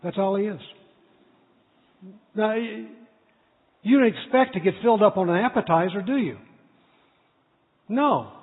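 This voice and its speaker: High, husky-voiced male preacher. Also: lively intonation, unhurried, long pauses. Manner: storytelling, earnest, builds to loud emphasis. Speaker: pastor. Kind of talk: sermon. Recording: tinny echoey hall recording.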